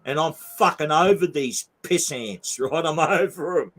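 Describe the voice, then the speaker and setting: A man's voice: fairly high pitch, expressive, unhurried, fairly bright tone. An older man with an Australian accent, talking as a blunt, emphatic interview guest who swears freely. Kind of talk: heated interview talk.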